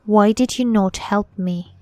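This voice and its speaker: A woman's voice: mid-range voice, measured pace, warm tone, no echo, natural voice. Woman voicing a stern drowned naval ghost. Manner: stern, commanding, old-fashioned stagey speech.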